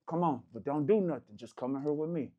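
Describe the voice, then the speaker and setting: A man voicing the house man at a dice game, who talks low, hushed and steady in his retelling. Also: quick pace, lo-fi sound, close to an everyday voice. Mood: calm, firm.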